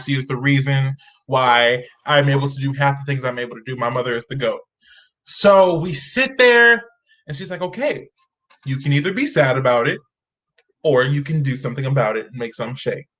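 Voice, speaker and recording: Bright, lively young man telling stories. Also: fairly high pitch, low-quality recording. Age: young adult. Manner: lively, acts out voices in his stories. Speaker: guest. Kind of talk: animated storytelling. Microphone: video call.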